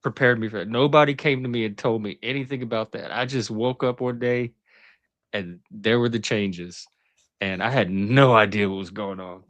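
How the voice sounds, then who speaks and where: A man's voice: fairly low pitch, fairly even intonation, normal speed, fairly bright tone, dry recording. A middle-aged man in casual panel chat, chatty and enthusiastic. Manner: chatty, enthusiastic about music. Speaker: podcast panelist.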